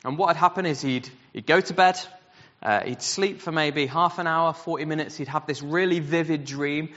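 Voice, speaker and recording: A man delivers a sermon as an animated storyteller, acting out the voices he quotes. His voice is a little high and sounds bright and pressed. The sound is dull and muffled, with a long reverb from a large hall. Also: moderate pace. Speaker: preacher.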